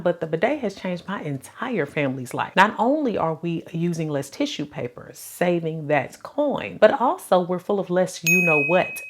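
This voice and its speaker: A woman in her thirties with a lowish voice, vlogging casually and straight to her viewers. She is chatty and playful and leans hard on her points as she talks. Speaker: lifestyle vlogger. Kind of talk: casual direct-to-camera vlog.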